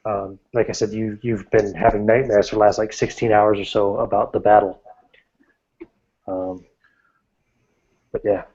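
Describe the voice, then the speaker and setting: Low-voiced man running a tabletop game. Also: level tone, measured pace, long pauses, darkish tone, slightly rough. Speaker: game master. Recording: dull lo-fi recording.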